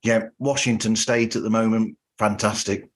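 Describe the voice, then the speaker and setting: Northern English male podcast host, low voice, friendly and rambling. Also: little pitch movement. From north of England. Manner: friendly, rambling, halting restarts. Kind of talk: casual podcast interview.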